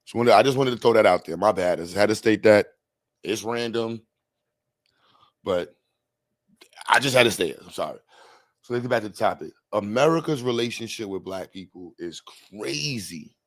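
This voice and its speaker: A man's voice: fairly low pitch, moderate pace. A man hosting a livestream, talking in a loose, rambling, slangy way with frequent laughs. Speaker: livestream host. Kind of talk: casual livestream chat.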